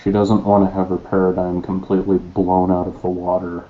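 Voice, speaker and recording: Low-voiced man on a phone line. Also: completely flat delivery, fairly quick. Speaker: podcast guest. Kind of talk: casual comedic chat. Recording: tinny phone-like call audio.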